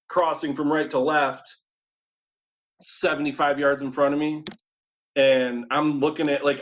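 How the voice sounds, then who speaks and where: Animated man telling a hunting story. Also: medium pitch, slight background noise. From New York State, USA. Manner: animated, acts out his own thoughts in quotes. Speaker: guest hunter. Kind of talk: casual storytelling. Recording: slightly dull lo-fi audio.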